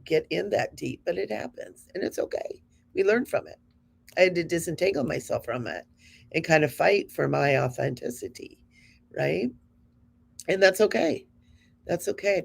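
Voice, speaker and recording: A woman's voice: low voice, gravelly, breathy edge. A woman in her fifties hosting a spiritual show, talking to her audience in an earnest, encouraging, conversational way. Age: 50s.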